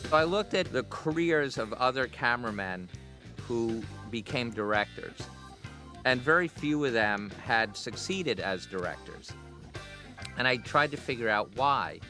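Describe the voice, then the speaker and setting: A middle-aged man, a film director, telling relaxed anecdotes in a commentary interview. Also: mid-range voice, unhurried, soft background music.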